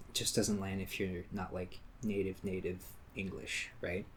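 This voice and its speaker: A man's voice: low voice, little pitch movement, normal speed, fairly bright tone. A man co-hosting a podcast, chatting casually with frequent laughs and the odd swear word. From Quebec. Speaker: podcast co-host. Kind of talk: casual chat.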